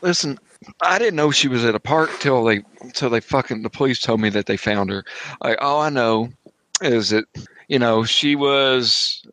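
A man's voice: mid-range voice, moderate pace, fairly bright tone, no room sound, natural voice, low-quality recording. A man voicing a crude, defensive middle-aged pawnshop owner and father who rambles, swears and gets flustered in a tabletop game.

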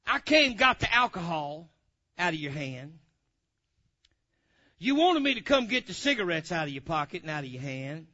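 A man telling a testimony in a sermon, swinging from loud hollering to low, quiet asides. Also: moderate pace, pauses often. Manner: animated storyteller, swings from hollering to low murmurs. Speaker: preacher. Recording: dull lo-fi recording.

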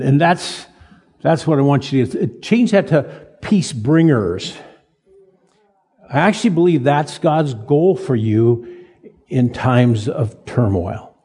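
Older male pastor, folksy and halting, warm mellow voice, a bit husky, long hall reverb. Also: medium pitch, animated. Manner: folksy, halting restarts, self-deprecating humor. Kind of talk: sermon.

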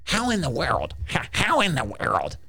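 A man's voice: on the high side, wildly swooping pitch, measured pace, sharp tone, husky, voice pushed up, heavily acted. A preacher voicing a frantic, baffled male devil who keeps repeating himself in alarm.

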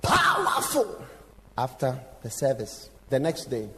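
A man preaching a sermon, telling stories with sudden shouts, acted quotes and direct questions to the congregation. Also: a little high, animated, normal speed. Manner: engaging the audience with direct questions. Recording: long hall reverb, faint background noise.

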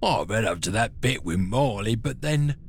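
A man plays a dim, easily frightened street seller who chatters away with questions in a lively, bouncing voice. A clear hiss runs under the home recording. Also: fairly low pitch. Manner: naive and chatty, quick questions.

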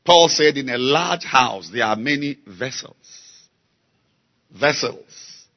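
A man preaching a sermon, slow and emphatic, repeating key words and building to loud exhortation. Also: mid-range voice, expressive, dull audio. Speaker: pastor.

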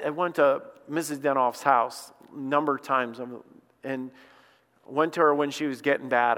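Impassioned pastor in an echoing hall. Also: male voice, a little high, fairly bright tone. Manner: impassioned, emphatic, repeats words. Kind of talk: sermon. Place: church. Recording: long hall reverb.

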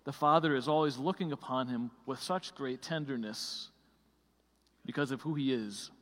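A man's voice: mid-range voice, moderate pace, big-room sound. A man preaching a sermon in a conversational way, full of fillers and restarts.

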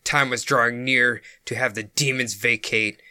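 A man's voice: mid-range voice, steady tone, normal speed, bright, forceful tone, smooth, dry recording, studio quality. A man hosting a podcast, narrating a case in a casual, amused way. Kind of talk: storytelling narration.

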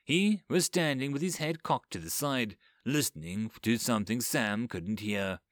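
A man reading a dark fantasy story aloud in an expressive, dramatic way. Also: mid-range voice, a little slow, dry recording, studio quality. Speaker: narrator. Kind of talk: audiobook story narration.

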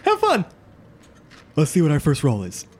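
A man voicing a booming, showy male game-show announcer. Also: huge pitch swings, moderate pace, darkish tone, breathy edge, heavily acted. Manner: showy, theatrical.

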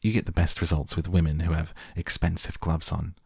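A man reading the part of a loud, boastful young girl who chews gum and chatters fast. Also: low voice, level tone, creaky, breathy edge, dry recording, clean studio sound, heavily acted.

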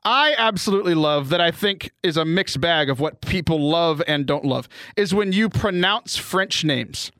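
A man's voice: a little high, lively intonation, moderate pace, hardly any pauses, sharp tone, dry recording. A man co-hosting a podcast in casual chat, self-deprecating and laughing often, talking over a remote call while he has bronchitis. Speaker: podcast co-host. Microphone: remote call mic.

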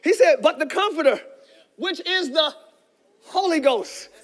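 A male pastor preaching a sermon with fervent energy, often shouting and calling out to the congregation. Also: very high-pitched, expressive, a little slow.

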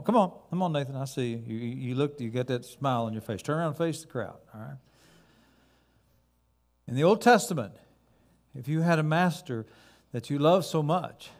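A man preaching from the pulpit, his voice sitting a touch high for a man. He builds his points dramatically, stacking short words and punching each one. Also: a little mellow. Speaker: pastor. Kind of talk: sermon.

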